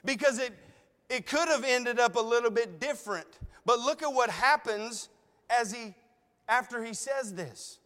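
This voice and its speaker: High, smooth-voiced preacher. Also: male voice, measured pace, sharp tone, in a large hall. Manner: conversational, full of rhetorical questions. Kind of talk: sermon.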